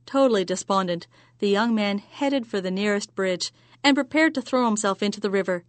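A woman telling a joke as a story in an even, measured way. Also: medium pitch, dry recording.

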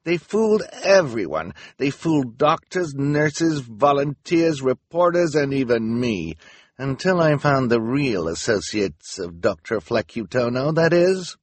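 A man's voice: mid-range voice, animated, unhurried, no echo, pitched above the performer's own voice. A man voicing a haughty, scheming villainess who snarls and talks impatiently, as an audiobook reader.

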